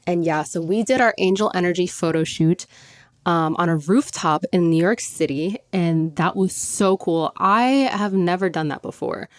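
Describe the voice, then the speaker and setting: Here a young woman runs her podcast as a laid-back chat, laughing often and scattering "like" throughout. Her voice is on the low side at normal speed, recorded in a clean studio with no room sound.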